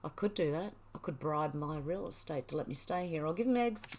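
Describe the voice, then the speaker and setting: A woman's voice: deep voice, expressive, brisk, darkish tone, a little hiss or hum. A middle-aged woman hosting a livestream, reading viewer comments aloud and chatting back casually. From Australia. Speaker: livestream host reading chat. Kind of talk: casual chat.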